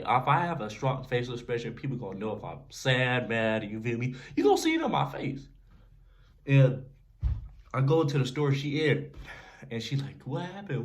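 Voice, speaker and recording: A young man casually telling a story to camera in a slangy, animated way, often checking in with the listener. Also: mid-range voice. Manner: animated, slangy storytelling with frequent "you feel me". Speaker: vlogger.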